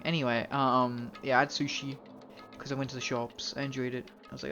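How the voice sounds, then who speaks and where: A man's voice: medium pitch, level tone, brisk, fairly bright tone, muffled recording, faint music behind. Rambling, joking streamer guy. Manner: rambling, joking, swears freely, mock-formal bits. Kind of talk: casual live-stream chat.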